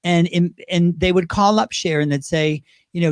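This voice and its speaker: British drag performer guest, high voice, dry close sound, animated storyteller. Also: male voice, dry recording. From Great Britain. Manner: animated, quick impressions, laughs while talking. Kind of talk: casual interview storytelling.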